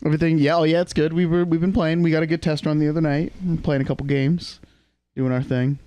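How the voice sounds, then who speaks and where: Chatty guy on a podcast, kinda high voice, dry close mic, rambles a lot. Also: flat delivery, fast, mellow, clear, resonant tone, dry recording. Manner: rambling, lots of fillers and restarts. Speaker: podcast co-host. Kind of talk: casual chat.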